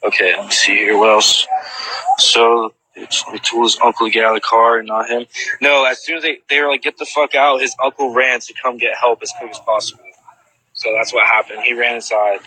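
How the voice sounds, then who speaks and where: Bright-voiced man rambling with fillers. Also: mid-range voice, flat delivery, a little fast, poor audio. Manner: rambling, heavy use of "like" fillers and restarts. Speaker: eyewitness answering viewer questions. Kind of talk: casual retelling to camera.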